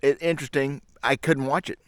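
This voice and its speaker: Speaking through a camera mic, this middle-aged fishing host delivers a casual, rambling monologue outdoors among the trees, complaining openly. His mid-range voice is steady, brisk and fairly bright, recorded dry at studio quality.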